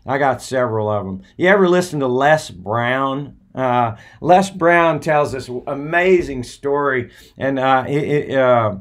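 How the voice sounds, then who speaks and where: A man's voice: mid-range voice, fairly bright tone. A man hosts a talk show and tells a story in a loose, rambling monologue. He often stops to hesitate before picking the thread back up. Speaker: podcast host.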